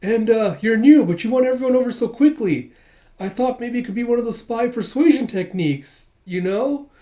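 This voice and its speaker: A man putting on a shrill, panicky hospital director. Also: a little fast, warm tone, natural voice. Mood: panicked. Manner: frantic, shrill, pleading. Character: panicky scheming middle-aged male hospital director.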